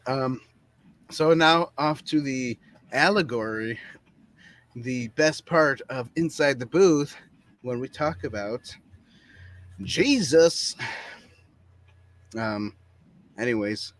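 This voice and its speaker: A man co-hosting a casual movie-review podcast, playful and laughing often between halting remarks. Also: medium pitch, fairly bright tone. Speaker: podcast co-host. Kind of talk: casual chat. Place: studio booth.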